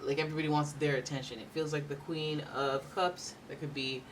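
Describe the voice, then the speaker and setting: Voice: mid-range voice, level tone, a little fast, slight background noise. Chatty tarot reader, slightly distant mic. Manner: chatty, rambling, playful asides. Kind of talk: casual tarot reading to camera.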